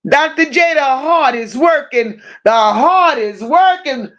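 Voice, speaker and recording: A woman with a high-set voice hosts a casual livestream, talking slowly and taking her time. She reads chat comments aloud and answers them with profane, teasing jokes. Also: expressive, a bit bright, highs cut off. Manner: profane, teasing, laughing banter. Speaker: livestream host.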